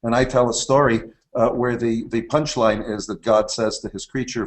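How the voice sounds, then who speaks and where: An older man speaking in a conversation, moving from loose, filler-dotted chat into a preacherly, emphatic storytelling delivery. His pitch sits at an everyday middle level. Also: steady tone, normal speed, few pauses, rough recording. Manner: warm-hearted preacherly delivery, building to emphatic declarations. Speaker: university president, guest.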